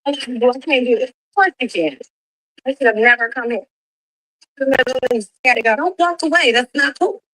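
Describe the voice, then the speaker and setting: Insistent woman with a higher voice. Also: animated, normal speed, pauses often, bright, forceful tone, no room sound, low-quality recording. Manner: insistent, defensive. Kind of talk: heated discussion of a reality show.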